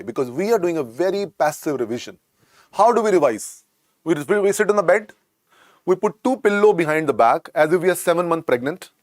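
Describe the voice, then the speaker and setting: An Indian man lectures medical students on exam revision, coaxing them again and again as he teaches. His voice sits a little high for a man. The sound is dry and close, with no room echo. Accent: Indian English. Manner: repetitive, coaxing, keeps calling students "beta".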